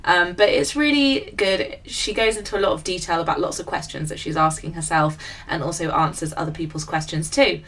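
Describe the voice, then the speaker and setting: A woman's voice: lowish voice, brisk, fairly bright tone. A young adult British woman hosting a podcast in casual chat, gushing and enthusiastic. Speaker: podcast host.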